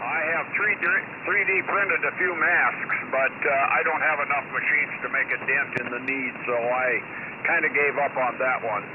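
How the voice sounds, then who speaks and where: A man from Minnesota, calling in as an amateur radio operator and speaking in a halting, emotional way. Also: mid-range voice, steady tone, phone-quality sound. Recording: noisy radio transmission.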